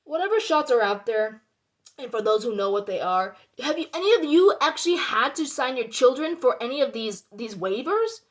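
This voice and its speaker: A young woman with a high voice vents to her viewers in a heated monologue. She swears freely and circles back to the same points. She keeps pressing the audience with rhetorical questions. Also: sing-song, moderate pace. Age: young adult. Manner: heated and indignant, swearing, repeating herself. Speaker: vlogger.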